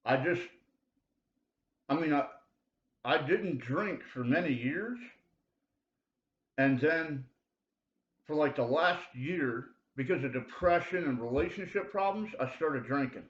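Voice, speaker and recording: Man, slightly high voice, rambling and insistent, lo-fi roomy home recording, confessional video preacher. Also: expressive, takes it slowly, pauses often. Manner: rambling, heavy fillers like dude and bro; urgent, insistent appeals to the listener. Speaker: self-made video preacher. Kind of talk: rambling confessional monologue to camera. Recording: roomy, dull lo-fi sound.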